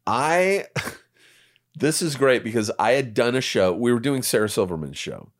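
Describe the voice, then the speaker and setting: A man in his fifties, an actor guest on a podcast, telling stories in relaxed chat and swearing freely. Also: medium pitch, unhurried. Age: 50s. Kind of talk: casual interview chat.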